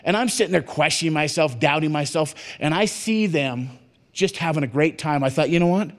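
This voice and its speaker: Man, motivational speaker, lively storytelling, acted-out dialogue, a bit higher-pitched voice, conference-hall keynote. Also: brisk. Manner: animated storytelling, acting out dialogue in jumps of pitch.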